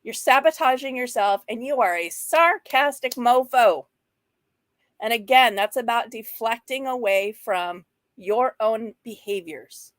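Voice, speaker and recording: A woman's voice: fairly high pitch, lively intonation, measured pace, no echo. Woman in her fifties, casual host, frank and chatty, laughs often, dry close sound. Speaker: host of a mental health livestream. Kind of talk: casual talk reading slides and chatting with viewers.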